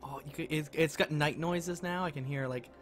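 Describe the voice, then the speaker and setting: A man's voice: on the high side, normal speed, a bit bright. A man chatting through live-stream gameplay commentary, thinking aloud and gushing with delight as he talks to his viewers. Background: game music.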